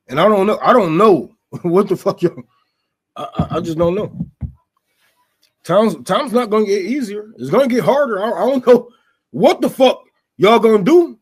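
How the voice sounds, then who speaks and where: A man with a high voice rants straight to his audience. He fires off rhetorical questions, swears freely and stumbles over repeated words as he goes. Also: expressive, normal speed, pauses often, husky. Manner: profane, stammering, rhetorical questions. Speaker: show host. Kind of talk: unscripted political rant.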